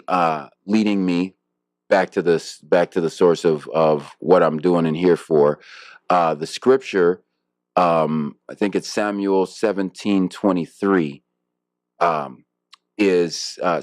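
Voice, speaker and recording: A man's voice: low-pitched, darkish tone, dry recording, studio quality. A man, a harpist guest in an interview, talking casually and reflectively with many fillers and restarts.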